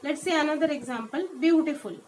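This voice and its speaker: A woman with a fairly high voice and an Indian English accent teaches a classroom lesson, mixing English and Hindi. She explains step by step and says each example word slowly, more than once. A faint hiss sits under the recording. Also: poor audio. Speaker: school teacher. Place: school.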